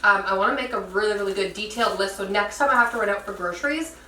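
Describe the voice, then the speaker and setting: A woman in her thirties vlogging about her home in a chatty, upbeat way. Her voice sits on the higher side and sounds roomy, picked up from a little way off the mic, with a faint hum of household ambience behind her. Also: quick pace, bright, forceful tone, distant mic. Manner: chatty, upbeat, lots of fillers. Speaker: homemaking vlogger. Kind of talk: casual vlog narration.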